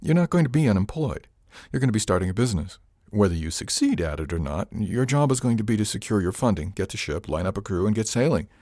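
A man voicing a practical, supportive male ship officer who reasons briskly, in an audiobook. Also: fairly low pitch, very animated, a little mellow, no room sound, clean studio sound. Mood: persuasive.

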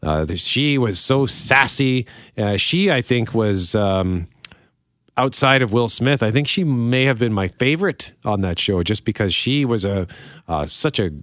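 A man's voice: medium pitch, a little slow, no echo, studio quality. A man in his forties co-hosting an entertainment podcast, talking casually and easily with fillers and restarts. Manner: relaxed, chatty, with fillers. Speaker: podcast co-host.

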